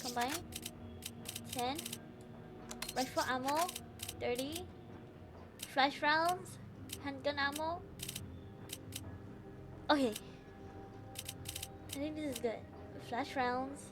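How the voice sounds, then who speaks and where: A woman's voice: high-pitched, takes it slowly, long pauses, background noise. A young woman streaming a video game, chatting casually, rambling and giggling to herself. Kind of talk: casual gameplay commentary.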